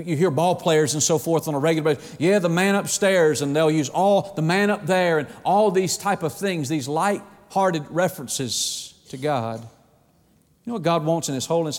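A middle-aged man preaching a sermon in an animated way, acting out the voices of God and of people. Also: on the high side, moderate pace, big-room sound.

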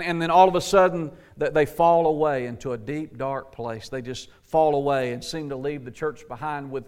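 High-voiced emphatic preacher man. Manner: emphatic preaching, rising questions, dropping to soft endings; folksy, says "gotta" and "ain't". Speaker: pastor. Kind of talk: sermon.

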